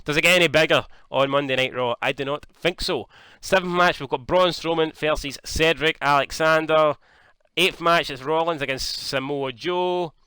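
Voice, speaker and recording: Bright excitable man commenting on a game. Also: a little high, normal speed, smooth, dry recording. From Scotland. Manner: excitable, swears freely, jokey. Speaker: gaming YouTuber.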